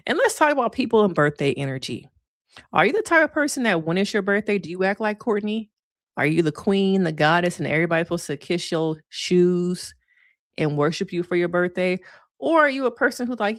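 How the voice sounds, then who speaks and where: A middle-aged woman therapist talks frankly and casually on a livestream, slangy and quick to laugh. Her voice sits on the low side and sounds dry and close, with no room around it. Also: animated, dry recording. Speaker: therapist reviewing reality TV.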